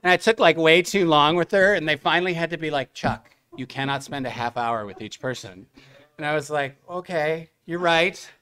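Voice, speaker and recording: Animated male storyteller at a panel. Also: fairly high pitch, a little fast. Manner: animated, acts out the other people's lines in the story. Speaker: voice actor at a fan convention panel. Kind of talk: anecdotal storytelling to a live audience.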